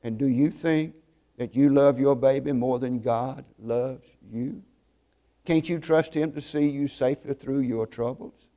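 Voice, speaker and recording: A man voicing a wise pastor in a sermon story, asking pointed questions with a gentle manner. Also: medium pitch, a little slow, close to an everyday voice. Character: wise older male pastor, gently probing.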